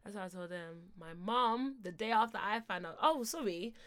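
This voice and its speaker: A young woman, co-hosting a podcast and telling a story in a casual, animated, slangy way with bursts of laughter. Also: medium pitch, moderate pace. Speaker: podcast co-host.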